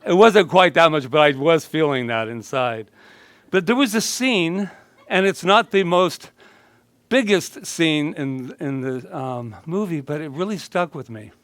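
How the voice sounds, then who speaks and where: A man's voice: fairly high pitch, expressive, unhurried, a bit bright, dry recording. Chatty joking male minister. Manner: casual, joking, chatty with the congregation. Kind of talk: conversational sermon.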